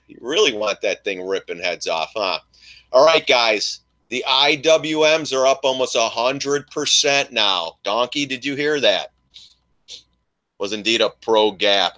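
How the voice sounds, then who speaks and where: Older male streamer, bright forceful tone, joking and mocking host. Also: mid-range voice. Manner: animated, mocking, laughs often. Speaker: live stream host, trader. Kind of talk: casual live stream chat.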